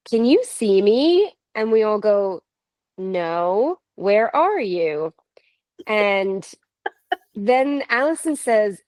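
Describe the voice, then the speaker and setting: Casting: woman, 30s, from Canada, unhurried animated storyteller, dry close sound. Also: mid-range voice, no room sound. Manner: animated, laughs often, quotes others. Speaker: paranormal investigator guest. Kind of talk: casual storytelling.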